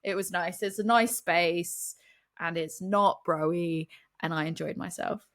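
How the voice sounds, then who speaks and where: A woman's voice: fairly low pitch, steady tone, a little slow. A woman co-hosting a podcast, rambling through stories, acting out her own quotes and laughing often. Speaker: podcast co-host. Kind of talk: casual chat about beer.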